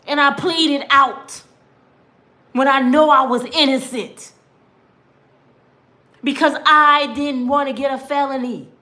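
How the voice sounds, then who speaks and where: She has a high, pushed, bright voice with fairly even intonation, taking her time and pausing often. In her fifties, she gives a heartfelt, emphatic, preachy account of her own experiences, speaking directly to the audience and voicing others' words in quotation.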